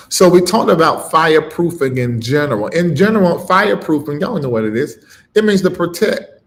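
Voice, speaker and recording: An animated man preaches on a livestream he hosts, speaking at a moderate pace. He's emphatic, swinging between loud punches and low murmurs, and repeats phrases with a rising preacher cadence.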